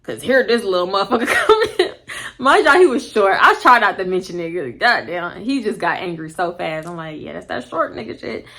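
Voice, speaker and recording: A young woman with a Houston, Texas accent telling a story to camera, blunt and animated, swearing freely and acting out what people said. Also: mid-range voice, normal speed, gravelly. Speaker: storytime vlogger.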